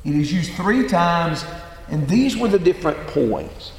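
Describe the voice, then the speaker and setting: A man leading a Bible study class, speaking slowly and deliberately and stressing key words. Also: fairly high pitch, sing-song. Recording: echoey hall.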